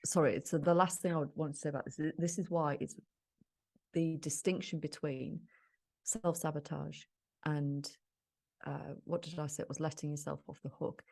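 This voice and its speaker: Low-voiced woman with a gravelly edge. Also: fairly even intonation, moderate pace, darkish tone. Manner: thoughtful, explanatory, with many restarts. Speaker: podcast co-host. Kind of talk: casual podcast conversation.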